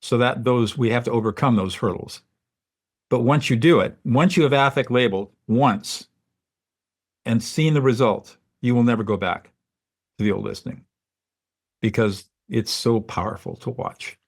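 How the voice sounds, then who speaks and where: Male mediator, mid-pitched gravelly voice, calm and instructive, podcast guest. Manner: measured, teaching in numbered steps. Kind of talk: podcast interview, explanatory.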